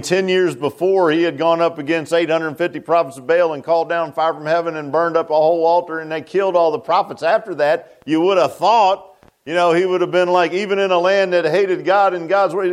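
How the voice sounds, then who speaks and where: A man's voice: fairly high pitch, fairly even intonation, fairly quick. A middle-aged man, preaching a sermon as pastor, pressing questions with a rhetorical "huh?". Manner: preachy, rising to fervent emphasis with rhetorical "huh?".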